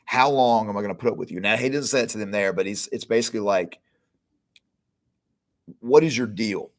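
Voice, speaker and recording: A man's voice: fairly low pitch, brisk. A middle-aged man hosting a podcast, giving a conversational Bible teaching that retells scenes with informal quoted lines. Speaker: podcast host teaching scripture.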